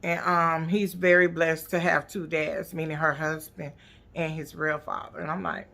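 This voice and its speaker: Gravelly, bright-voiced sassy woman. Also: sits low, little pitch movement, normal speed. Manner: blunt, profane, sassy. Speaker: TV recap vlogger. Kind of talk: casual recap commentary.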